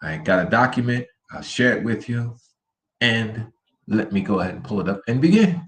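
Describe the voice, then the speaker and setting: A man teaching a Spanish lesson over a shared screen, slowly repeating words for students to copy. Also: fairly low pitch, lively intonation. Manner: slow, drilling words by repetition. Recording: roomy echo with faint ambience.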